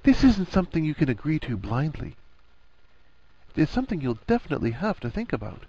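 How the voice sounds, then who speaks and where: A man voicing a clever, gentle young witch who speaks softly and patiently. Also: high-pitched, very animated, brisk, dull audio, voice pushed up, full character voice. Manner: soft, patient.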